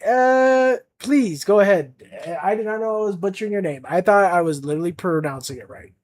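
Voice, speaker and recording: A man's voice: high-pitched, brisk. A young man chatting casually on a livestream as an art streamer, rambling with lots of fillers and restarts.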